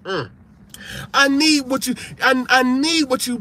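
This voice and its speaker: A male preacher delivering a sermon with emphatic, repeating phrases and lively storytelling. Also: very high-pitched, measured pace.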